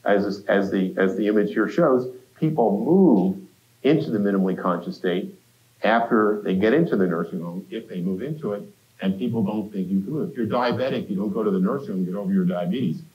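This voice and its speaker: Brisk and on the low side, a man's voice comes through lo-fi and echoey from a lecture hall. He's giving a university lecture in a conversational style, speaking straight to the students with quips.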